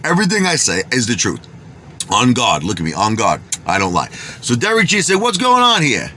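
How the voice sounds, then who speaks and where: Brisk and fairly low-pitched, a Brooklyn-accented vlogger from Bensonhurst boasts through a story in lively street talk. He swears up and down that he doesn't lie, over a faint hiss or hum.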